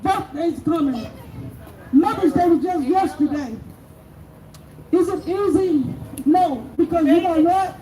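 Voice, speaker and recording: Angry high-voiced woman addressing a protest. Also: measured pace, long pauses, mellow. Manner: angry, raw, preaching to the crowd. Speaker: bereaved mother speaking at a protest. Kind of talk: impassioned protest speech. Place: outdoors at a protest by city hall. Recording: distant echoey noisy outdoor recording.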